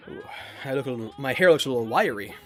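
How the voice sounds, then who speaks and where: A man's voice: medium pitch, animated, fast talker, a bit bright, soft background music. A young man chatting casually while gaming, rambling and swearing, with many restarts. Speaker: gaming vlogger.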